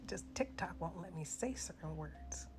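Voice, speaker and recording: A woman ranting bluntly in a casual vlog, cursing freely and swinging between loud outbursts and hushed, breathy asides. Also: on the low side, animated, moderate pace, noisy background. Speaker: social media creator.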